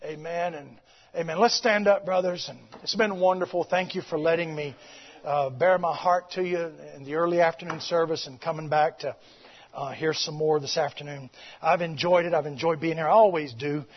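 A male preacher shouts his sermon in a high, husky voice. He swings from fiery declarations to chatty storytelling. The recording is dull and lo-fi. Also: fairly even intonation, moderate pace. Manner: impassioned, shouting, drops to storytelling.

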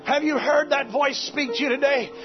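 A man preaching a fervent sermon at a church service, shouting exhortations and calling out to the congregation. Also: very high-pitched, steady tone, normal speed, highs cut off, over music. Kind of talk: Pentecostal-style sermon.

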